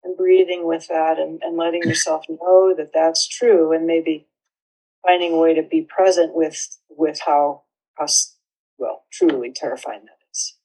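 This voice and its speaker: Husky, gentle female therapist. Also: deep voice, steady tone, poor audio. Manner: gentle, measured, coaxing. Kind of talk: guiding a therapy session.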